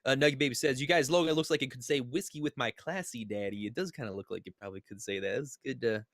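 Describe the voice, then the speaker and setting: A man's voice: mid-range voice, quick pace, a bit bright, no echo, studio quality. A man co-hosting a casual live-stream talk, reading chat aloud and musing over it with frequent fillers and restarts. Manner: thoughtful, reflective, many fillers and restarts. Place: home, joined remotely.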